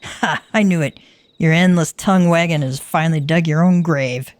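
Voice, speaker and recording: A woman voicing a gruff, blunt male naval commander in a video game, speaking in an old-fashioned way. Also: deep voice, normal speed, dry recording, natural voice.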